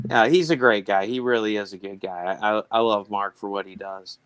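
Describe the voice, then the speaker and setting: Low-voiced earnest man, dry sound. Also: moderate pace, a bit bright, clean tone, no echo. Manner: earnest, chatty, many fillers. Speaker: charity fundraiser organizer. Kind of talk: casual livestream chat.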